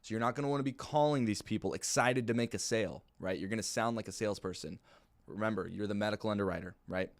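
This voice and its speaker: A man teaching new sales agents how to work a phone script, in a chill, fairly monotone way, often checking in with "right?" and "okay?". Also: fast. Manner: calm, low-key delivery with frequent "right?" and "okay?". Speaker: sales trainer. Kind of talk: training talk on a phone script.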